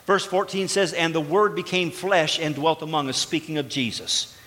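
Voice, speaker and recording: A man preaching a sermon as pastor to his church, animated and exclaiming, acting out little dialogues. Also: fairly high pitch, moderate pace, big-room sound. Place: church sanctuary.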